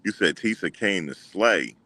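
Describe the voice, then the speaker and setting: A man hosting a casual livestream, talking back to his chat in an animated way and repeating what others said. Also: low voice, measured pace. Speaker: livestream host.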